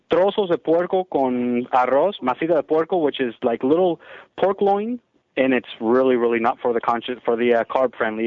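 A man who owns a restaurant, speaking as a guest on a radio show in a relaxed, friendly way with some hesitations. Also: mid-range voice, no echo, lo-fi sound. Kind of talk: casual phone-in radio interview.

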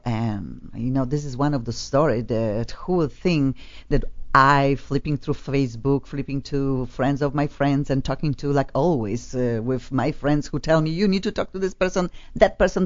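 A woman's voice: very deep voice, darkish tone, dull audio. A woman with a foreign accent hosting a casual radio talk show, chatty and effusive as she introduces her guests. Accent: foreign accent in English. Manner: chatty and effusive, laughs often.

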